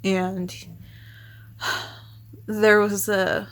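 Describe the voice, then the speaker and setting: Softly rambling woman vlogger. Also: medium pitch, level tone, drawn-out words. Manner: rambling, with sighs and restarts. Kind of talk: casual rambling vlog chat.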